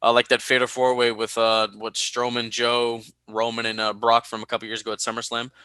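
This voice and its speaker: Bright-voiced man chatting on a podcast. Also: mid-range voice, brisk, clean tone, dry recording. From California. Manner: animated, laughs often, reads listener mail. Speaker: podcast co-host. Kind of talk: casual podcast chat.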